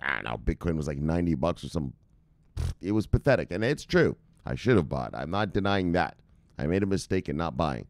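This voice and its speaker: Crypto channel host from Jamaica, a lowish-voiced man in a sarcastic, swearing rant with big swings in pitch, in a dry, close sound. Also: big pitch swings, a little fast, no echo. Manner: profane, heated, sarcastic. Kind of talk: casual opinion rant to camera.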